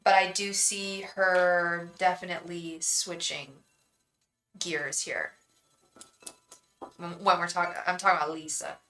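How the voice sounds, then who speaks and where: A woman's voice: on the low side, steady tone, measured pace, pauses often, sharp tone, a little hiss or hum, poor audio. A young woman hosting a live tarot reading, chatting effusively with viewers and thanking them by name.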